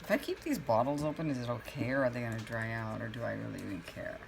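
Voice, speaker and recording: A woman's voice: very deep voice, animated, fast, gravelly, noisy background. A woman chatting casually while painting at home, a rambling storyteller who acts out her own reactions. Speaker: crafting vlogger.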